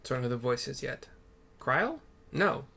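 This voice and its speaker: A man's voice: medium pitch, big pitch swings, moderate pace, gravelly, pushed and bright, slight background noise. A man casually narrating a story game for blind viewers, swearing and thinking aloud.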